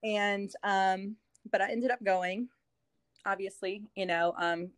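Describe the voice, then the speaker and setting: In a dry recording, a real estate agent turned TV host from New Orleans shares stories in a relaxed chat, full of giggles and fillers. She speaks slowly at medium pitch with fairly even intonation.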